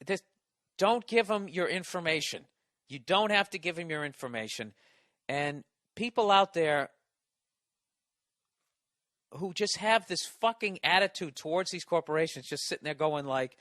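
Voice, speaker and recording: A man rants through a comedic podcast monologue, swearing freely and tripping over restarts as his exasperation builds. His voice is bright and forceful, pitched a bit high. The sound is dry and close. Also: lively intonation, moderate pace, pauses often, no room sound. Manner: profane, exasperated ranting with restarts. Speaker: podcast host. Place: Los Angeles.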